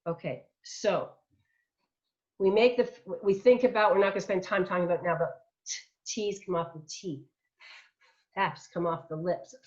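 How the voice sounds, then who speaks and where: A middle-aged woman coaches singers in an online masterclass, her voice sitting a little low. She talks through each point in a chatty way and sounds out example words to show them. The sound is muffled and lo-fi. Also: normal speed, pauses often. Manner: demonstrates by speaking and singing example words; chatty, warm teaching asides. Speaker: vocal coach. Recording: dull lo-fi online audio.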